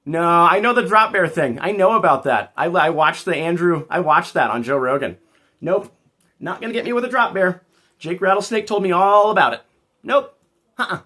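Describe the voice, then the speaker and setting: A man's voice: fairly high pitch, lively intonation, a little fast, pushed and bright. A man hosting a casual livestream, rambling and joking as he talks back to his chat. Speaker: livestream host.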